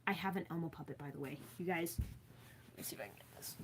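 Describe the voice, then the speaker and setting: A woman's voice: low-pitched, fast talker, noisy background. A young woman chatting casually on a livestream from her bedroom, reading out viewer comments and rambling with frequent filler words.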